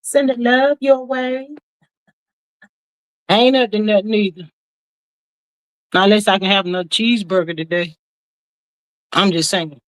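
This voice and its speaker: A woman's voice: medium pitch, fairly even intonation, a little slow, long pauses, no echo, poor audio. A woman hosting a casual livestream, chatty, greeting her chat and reading out messages with Southern slang. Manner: Southern slang, calls everyone child. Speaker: livestream host.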